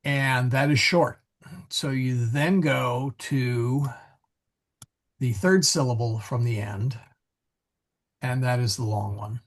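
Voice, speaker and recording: A man's voice: mid-range voice, fairly even intonation, takes it slowly, pauses often. A man leading an online Latin reading group, explaining grammar patiently and correcting himself as he goes. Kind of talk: casual online class.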